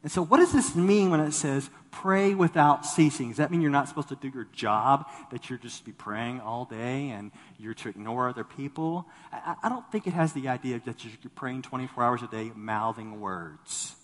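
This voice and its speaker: A male pastor preaching a sermon, rising to loud bursts and dropping low, often repeating words as he starts a thought. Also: normal speed, few pauses, long reverb tail. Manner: animated preaching, voice swelling then dropping low.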